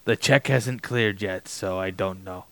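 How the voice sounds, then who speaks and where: A man co-hosting a podcast, giving short dry deadpan replies. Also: low-pitched, a little slow, no room sound. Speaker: podcast co-host. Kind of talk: casual podcast banter.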